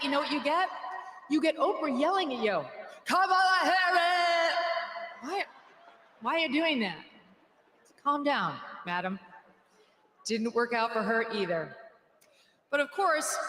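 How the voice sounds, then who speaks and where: A woman's voice: fairly high pitch, fairly bright tone. A woman giving a sarcastic, mocking political rally speech in a large hall. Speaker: rally speaker. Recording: echoey hall, faint background noise.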